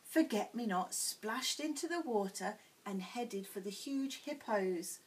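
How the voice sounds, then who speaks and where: A woman teacher reading a children's picture book aloud in a clear, expressive bedtime-story way. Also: medium pitch, unhurried, low-quality recording. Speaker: primary school teacher.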